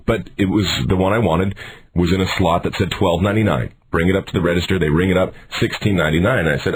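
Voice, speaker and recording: A young man co-hosting a radio show, telling a story and getting worked up until he shouts in outrage. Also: deep voice, fast, poor audio. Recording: radio studio broadcast.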